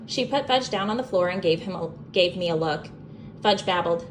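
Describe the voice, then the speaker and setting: A young adult woman reading a children's book aloud as a bedtime story, expressive and animated. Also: lowish voice, moderate pace, a little hiss or hum.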